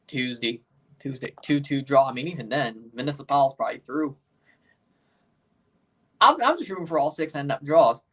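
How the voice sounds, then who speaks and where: A man's voice: medium pitch, lively intonation, normal speed, long pauses, fairly bright tone, breathy edge. A man with a Southern US accent, chatting casually as a livestream host and answering viewers' comments. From Mississippi, US. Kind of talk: casual livestream watchalong chat.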